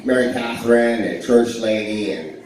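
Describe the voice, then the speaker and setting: A man's voice: on the low side, moderate pace, a little mellow, slight background noise. A man performing live stand-up comedy in a small club, rambling and self-deprecating, with lots of fillers and restarts. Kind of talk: live stand-up with crowd work. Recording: echoey, distant live club recording.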